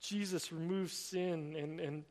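High-voiced preacher in a reverberant hall. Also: male voice, fairly even intonation. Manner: swings from emphatic raised delivery to quiet, drawn-out emphasis. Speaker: pastor. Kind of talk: sermon.

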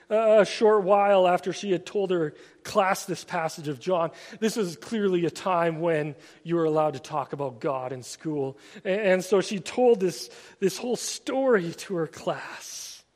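A man preaching a sermon in an earnest way, often stammering and restarting his phrases, and at times dropping to a soft, quiet voice. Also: high-pitched. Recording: long hall reverb.

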